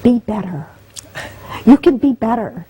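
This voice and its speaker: Woman guest telling her story, emotional, voice goes up when she gets moved, soft warm tone. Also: fairly high pitch, lively intonation, unhurried, husky, rough recording. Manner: heartfelt, voice rising and breaking with emotion.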